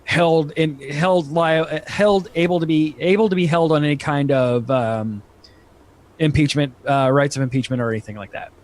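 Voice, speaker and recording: A man talking as a podcast guest in casual chat, halting often with fillers and restarts. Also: on the high side, a little hiss or hum.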